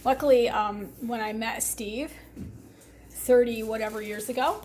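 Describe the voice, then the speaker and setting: A woman's voice: on the high side, steady tone, measured pace, a crowd in the background. Chatty woman hosting a home cooking show. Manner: chatty, laughs often, rambling asides. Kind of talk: casual cooking demonstration. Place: home kitchen.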